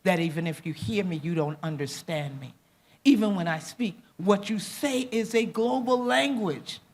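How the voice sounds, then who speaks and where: A panel speaker from the Gullah Geechee coast of the southeastern United States gives an impassioned, emphatic conference talk, mixing Gullah creole with English. Gullah is their first language and they carry a Gullah Geechee accent. Their medium-pitched voice is expressive and moderately paced.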